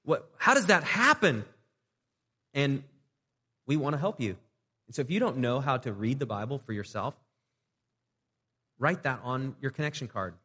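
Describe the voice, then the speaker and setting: A male pastor preaching in a relaxed, conversational way, stumbling and restarting now and then and acting out little prayers to show how it's done. His voice sits in a middle register and carries a long reverb off the church walls. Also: mid-range voice, moderate pace, long pauses, slightly rough. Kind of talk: sermon.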